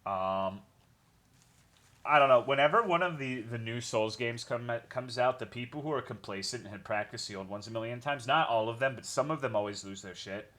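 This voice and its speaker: A man's voice: mid-range voice, moderate pace, a bit bright. A young man streaming a game, chatting casually with his viewers in a rambling way, swearing often and greeting chat by name.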